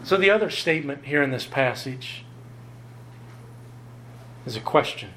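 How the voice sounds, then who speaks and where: A man preaching a sermon, emphatic and lively, often jumping up in pitch to drive home a point. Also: unhurried, slight background noise. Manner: emphatic, rises sharply in pitch to stress points. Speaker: pastor.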